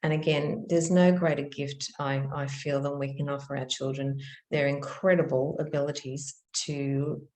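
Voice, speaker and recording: Low-voiced earnest woman, echoey room. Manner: gentle, earnest, storytelling with soft restarts. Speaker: spiritual teacher. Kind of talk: reflective spoken teaching.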